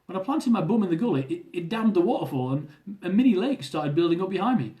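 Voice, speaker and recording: An eager, excitable sister with a raised, bright-sounding pitch who rattles off a funny story in a rush, as a man puts her on in his storytelling. She keeps the tone lively and chatty from line to line. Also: quick pace. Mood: excited.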